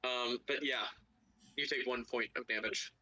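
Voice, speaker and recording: A man's voice: medium pitch, steady tone, a little slow, bright, forceful tone, rough recording. A man running a tabletop game as game master, narrating loosely and laughing often.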